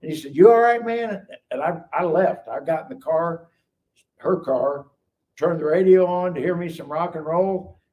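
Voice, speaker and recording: A middle-aged man on a live stream, telling his life story in casual, animated speech and acting out the people in it. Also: fairly high pitch, normal speed. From Kansas City area. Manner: animated, acts out quoted dialogue. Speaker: guest telling his testimony. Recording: distant mic with faint background noise.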